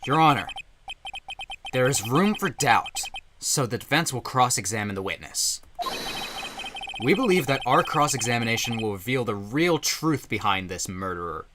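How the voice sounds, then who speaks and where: A man's voice: on the low side, normal speed, long pauses, background noise, close to an everyday voice. A man voicing an earnest young defense attorney, reading game lines as firm declarations. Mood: declaring. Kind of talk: reading game dialogue aloud.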